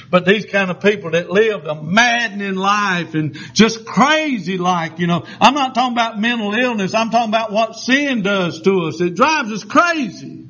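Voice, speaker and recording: A man's voice: sits high, fairly bright tone. An older man preaching a sermon, telling stories in a folksy way with many fillers and restarts. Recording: dull lo-fi sound.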